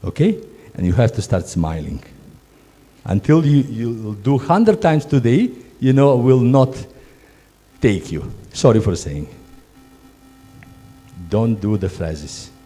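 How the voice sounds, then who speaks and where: Lively, emphatic male hospitality trainer. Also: mid-range voice, slow, pauses often, breathy edge, soft background music. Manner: non-native English phrasing, frequent restarts; lively, emphatic, repeats words. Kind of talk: instructive talk to job candidates.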